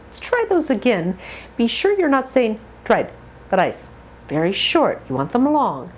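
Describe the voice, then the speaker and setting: A woman teaching a pronunciation lesson, modeling long drawn-out words and giving short coaching tips. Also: fairly high pitch, huge pitch swings. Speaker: accent coach.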